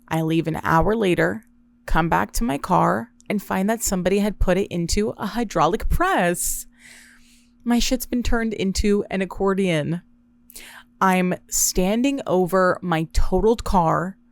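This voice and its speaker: A woman hosting a podcast alone, telling a story in a wry, profane, deadpan way. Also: lowish voice, creaky, no room sound. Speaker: podcast host. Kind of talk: casual solo storytelling.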